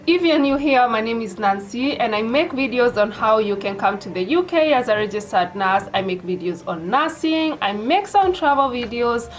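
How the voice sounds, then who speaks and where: A woman's voice: on the high side, expressive, normal speed, hardly any pauses, poor audio. A young woman from Kenya with a Kenyan accent, chatting casually to her viewers in a vlog. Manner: chatty and direct, addresses viewers as "you guys". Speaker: vlogger. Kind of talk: casual vlog talk to camera.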